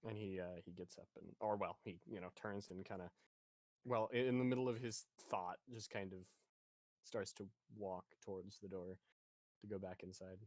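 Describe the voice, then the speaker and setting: A man running a tabletop game as dungeon master, narrating in a soft, halting way. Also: low voice, steady tone, no room sound. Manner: halting, soft, laughs often.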